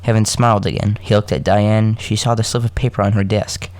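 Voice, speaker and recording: Low-voiced man reading a story casually. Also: flat delivery, darkish tone, no room sound. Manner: halting, self-correcting, joking asides between coughs. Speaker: podcast host reading a story.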